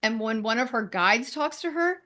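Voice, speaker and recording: A woman being interviewed as a spiritual teacher, talking in a chatty, animated way and laughing often. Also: fairly high pitch, moderate pace. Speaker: guest, medical intuitive and spiritual teacher. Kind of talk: conversational interview.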